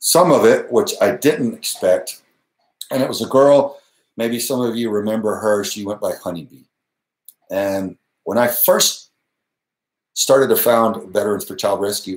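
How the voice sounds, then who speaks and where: A man's voice: on the low side, a little slow, pauses often, reverberant, poor audio. A man hosting a live Q&A monologue, talking earnestly and emphatically, with short laughs and restarts. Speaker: channel host.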